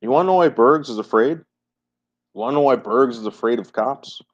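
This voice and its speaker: A man with a mid-range voice chats casually on a livestream at a moderate pace, repeating phrases emphatically and swearing freely. The audio is muffled and lo-fi.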